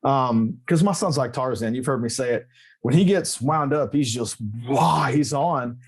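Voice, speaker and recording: A man's voice: mid-range voice, moderate pace. A man guest on a podcast, telling a personal story in a candid, emotional way, with swearing and many restarts. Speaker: podcast guest, motorcycle YouTuber. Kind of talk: casual interview chat.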